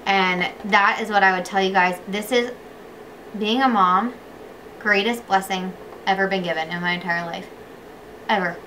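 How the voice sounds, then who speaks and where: Young woman chatting to camera, bright voice, earnest and heartfelt, faint hiss behind. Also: mid-range voice, steady tone, moderate pace, long pauses. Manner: earnest, heartfelt, softening to a hush on emotional moments. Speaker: vlogger. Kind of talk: casual chat to camera.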